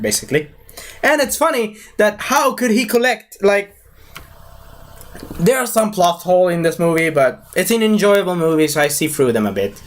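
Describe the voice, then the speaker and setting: Sitting high in pitch, this young man's voice carries a casual live film review that wanders and bubbles with excitement, packed with fillers and choppy grammar.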